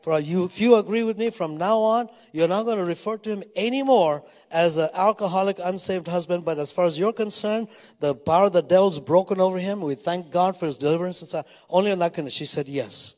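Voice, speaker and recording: A man's voice: high-pitched, fairly quick, darkish tone. A middle-aged male pastor preaching a sermon, telling stories and punctuating them with hallelujahs and praise God. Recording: reverberant hall.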